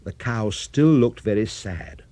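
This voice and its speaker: A man's voice: fairly low pitch, animated, unhurried, warm tone, dry recording. An older man telling a children's story, playful and speaking directly to young listeners.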